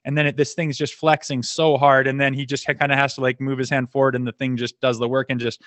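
A man's voice: medium pitch, level tone, fast talker, fairly bright tone, no room sound. A laid-back middle-aged man from Canada telling stories in a casual, rambling way, laughing often and cursing freely. His voice sits in an ordinary middle register. The recording is close and dry, with no room sound. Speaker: podcast guest, former hockey player. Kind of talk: casual storytelling.

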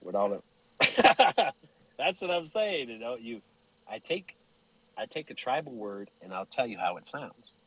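A man's voice: medium pitch, big pitch swings, unhurried, fairly bright tone, husky, low-quality recording. A man guesting on a podcast, telling profane, joking stories and acting out the voices of the people in them, laughing often. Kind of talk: casual joking storytelling.

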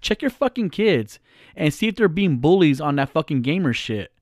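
A man's voice: on the high side, very animated, moderate pace, darkish tone, no echo, clean studio sound. A middle-aged man vlogging in a blunt, profane, heated rant straight to his viewers. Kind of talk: casual ranting monologue.

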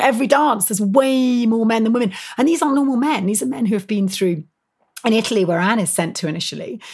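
Lively woman telling stories. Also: fairly high pitch, husky. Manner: lively, laughs often, frequent fillers and restarts. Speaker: author interviewed as guest. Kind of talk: animated storytelling interview.

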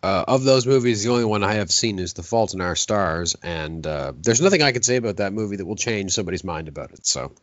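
A man with a fairly low voice co-hosts a relaxed film podcast. He reads listener comments aloud with a dry, joking manner. The sound is close and dry but a little muffled. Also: fast talker, few pauses, dry recording. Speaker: podcast co-host. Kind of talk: casual film podcast chat.

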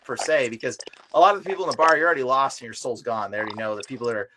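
A young man chatting casually on a podcast as a deliverance minister, telling animated stories full of filler words. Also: mid-range voice, very fast. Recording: noisy live recording with clicks.

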